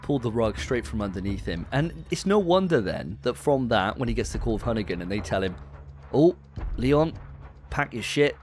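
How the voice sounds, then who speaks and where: A man co-hosting a relaxed film review podcast, acting out scenes as he retells them. His storytelling is animated and sweary, with faint music under it. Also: on the low side, fast talker, hardly any pauses. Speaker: podcast co-host. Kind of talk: casual film review discussion.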